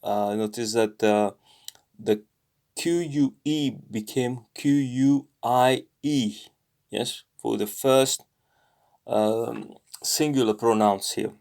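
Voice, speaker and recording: Man, even mid voice, unhurried; learner narrating his own lesson, hesitant, lots of fillers. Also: medium pitch, creaky. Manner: halting, thinks aloud with many fillers; repeats app phrases slowly. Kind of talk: casual self-study commentary.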